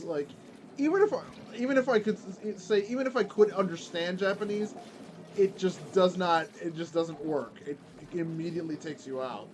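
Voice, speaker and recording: A man's voice: high-pitched, a little mellow, a little hiss or hum. A man streaming and chatting casually while he plays a game, rambling with lots of fillers and restarts. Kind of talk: casual chat while gaming.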